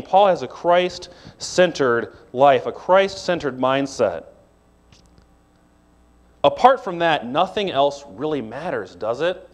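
A male pastor preaching a sermon in a conversational, animated way, with quick casual asides. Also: on the high side.

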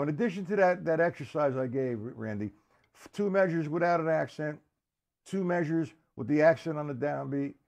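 A man's voice: fairly high pitch, darkish tone. Guy teaching drums on a livestream, chatty, lots of restarts and uhs, calls out viewers by name. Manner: casual, talks to chat viewers by name; halting, restarts and fillers. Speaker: drum teacher. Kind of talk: live-streamed drum lesson. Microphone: computer or camera mic on a live stream.

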